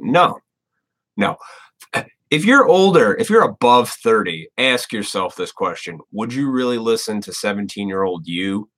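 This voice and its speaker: A blunt man in his thirties rants on his live stream with a somewhat low voice. He swears freely and rambles from thought to thought. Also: fairly bright tone. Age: 30s. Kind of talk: casual ranting monologue.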